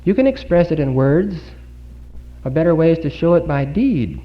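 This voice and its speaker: Male preacher, earnest sermon delivery, rhetorical questions, lively rising and falling pitch, dull 1950s recording. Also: moderate pace. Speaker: speaker giving a Bible talk. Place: congregation hall.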